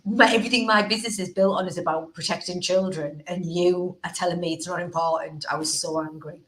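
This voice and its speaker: A woman hosts a casual podcast and tells animated, blunt stories about her working week. Her voice sits a little low for a woman. The room adds a noticeable echo around her. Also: fairly quick. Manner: animated storytelling, blunt and laughing. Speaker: host. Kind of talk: casual chat. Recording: roomy echo.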